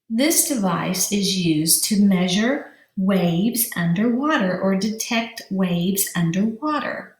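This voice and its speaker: Heard with reverb, a mid-range female teacher gives young children a vocabulary lesson. Slow and drawn out, she spells each letter aloud as she extends the words.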